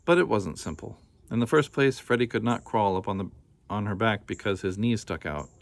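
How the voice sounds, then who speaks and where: A man reading a children's picture book aloud in a gentle, unhurried way, with casual asides. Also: lowish voice, gravelly, dry recording.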